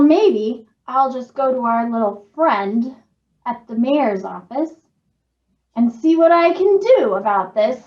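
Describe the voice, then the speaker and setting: A sarcastic, spoiled daughter, acted out by a woman who drawls every word very slowly with disdain. Her voice is fairly high. She sounds set back from the mic in an echoey room with a dull, muffled tone. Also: far from the mic. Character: snide spoiled adult daughter of a rich man.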